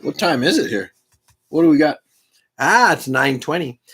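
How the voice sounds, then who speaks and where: A man's voice: fairly high pitch, animated, moderate pace. Chatty man with guitar. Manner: chatty, self-deprecating, clears throat often. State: voice catching from strain. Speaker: singer-songwriter streaming live. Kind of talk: casual chat between songs on a live stream. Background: his own guitar.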